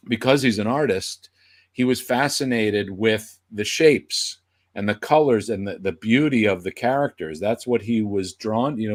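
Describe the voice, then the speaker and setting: A man, a guest puppeteer, telling a casual anecdote and acting out the people he quotes. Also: fairly low pitch. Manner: animated, acts out quoted voices.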